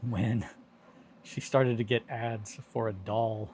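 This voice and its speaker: A man's voice: lowish voice, steady tone, takes it slowly, a little mellow, slight background noise. A man chatting casually on a hobby live stream, rambling and joking while he mutters to himself over his work.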